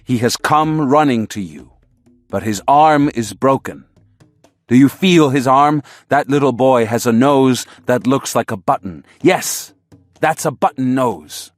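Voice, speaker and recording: A man voicing an old male sorcerer teacher in an audiobook, speaking slowly, insistently and in a mesmerizing way. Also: mid-range voice, dry recording, faint music behind, natural voice. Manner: slow, insistent, mesmerizing delivery. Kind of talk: audiobook character reading.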